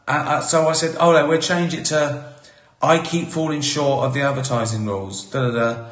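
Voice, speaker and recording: A man's voice: on the high side, fairly even intonation, normal speed, a bit bright. A middle-aged man and comedian chatting casually on a live stream, telling stories with dry humor and a lot of swearing. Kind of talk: casual chat. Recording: roomy echo.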